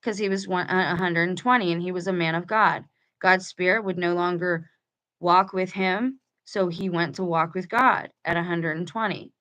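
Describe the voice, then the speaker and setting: A woman with a lowish, fairly bright voice reads a book aloud to her viewers at a moderate pace and a steady tone, with dull audio. She keeps breaking off for chatty, conversational asides and often restarts mid-sentence.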